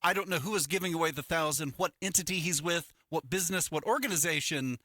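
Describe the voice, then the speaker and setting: A man's voice: fairly high pitch, quick pace, dry recording. A middle-aged man co-hosting a morning radio show, telling stories in casual chat and acting out the people he quotes. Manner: animated storytelling with acted-out quotes. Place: radio studio. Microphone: studio microphone.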